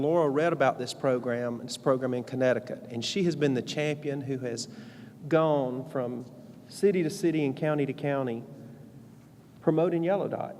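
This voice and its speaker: A man's voice: mid-range voice, darkish tone, slight background noise. Man presenting at a press event. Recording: long reverb in a large hall.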